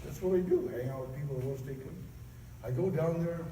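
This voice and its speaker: A man telling stories in a talk, lively and laughing often, acting out other people's voices. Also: fairly high pitch, fast talker, noisy background. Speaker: keynote speaker. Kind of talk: storytelling talk. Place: large convention hall. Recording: echoey hall recorded from far off.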